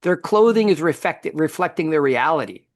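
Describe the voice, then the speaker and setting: A middle-aged man co-hosting a faith podcast, telling a story in a lively conversational way with frequent restarts. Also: fairly high pitch, moderate pace, dry recording, clean studio sound. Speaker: podcast co-host.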